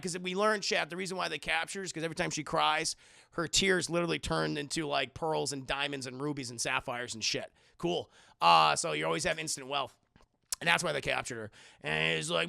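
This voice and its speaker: A young man streaming, recapping an episode in a profane, animated way that repeats itself. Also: fairly high pitch, a little fast, vocal fry, dry recording, studio quality.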